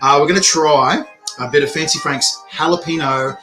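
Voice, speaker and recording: An Australian man hosts with a loose, chatty manner, cracking jokes and laughing between lines. His voice sits a little on the high side. Music runs clearly in the background. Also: moderate pace, bright, forceful tone. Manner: jokey, laughs often, chatty. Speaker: host of a hot sauce review show. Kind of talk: casual chat.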